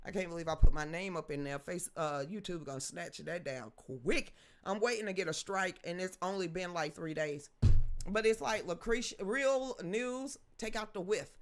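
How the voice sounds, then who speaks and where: A woman hosting a casual live stream into a studio microphone, chatting with viewers in a loud, blunt and joking way, laughing often and swearing freely. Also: lowish voice, moderate pace. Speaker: livestream host. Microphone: studio microphone with a level meter.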